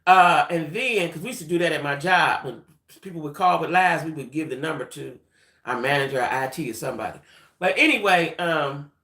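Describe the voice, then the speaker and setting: An adult woman hosting a livestream, telling a story in a chatty, animated way and talking straight to her viewers. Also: lowish voice. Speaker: livestream host. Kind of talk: casual storytelling chat. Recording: roomy echoey room.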